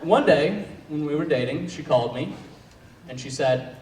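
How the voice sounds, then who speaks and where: Young man doing deadpan stand-up. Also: on the high side. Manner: deadpan storytelling with punchline pauses. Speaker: stand-up comedian. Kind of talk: stand-up comedy set. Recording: echoey hall, distant mic.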